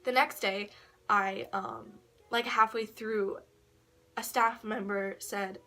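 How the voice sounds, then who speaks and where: A woman's voice: medium pitch, steady tone, a little slow, sharp tone. A teenage girl telling a long personal story to camera, rambling and swearing, with frequent laughs and quoted voices. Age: teens. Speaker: vlogger. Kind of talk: casual storytelling vlog.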